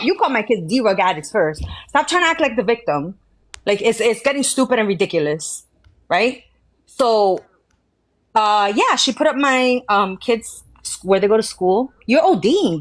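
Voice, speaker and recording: A woman's voice: on the high side, sing-song, normal speed. A woman in a heated live argument, confrontational and taunting with constant swearing. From Georgia, US. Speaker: live stream participant.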